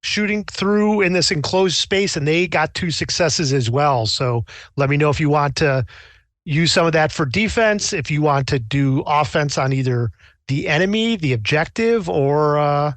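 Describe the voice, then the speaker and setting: A man's voice: on the high side, moderate pace, no echo. A man running a tabletop game as game master, casually explaining rules.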